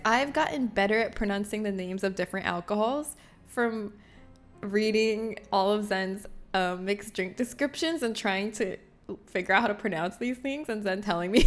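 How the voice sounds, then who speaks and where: A young woman with a slightly high voice, lively intonation, and moderate pace hosts a livestream with faint music behind her. She chats casually with viewers in a bubbly, self-mocking way, laughs often, and reads chat messages aloud.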